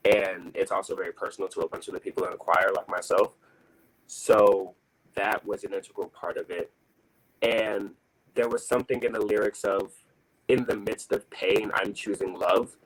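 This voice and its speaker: A man with a very low voice talks over a video call about his choir's creative process. He is thoughtful and halting, pausing often to find his words. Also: little pitch movement, low-quality recording. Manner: thoughtful, halting, many fillers. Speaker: choir singer. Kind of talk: casual reflective explanation.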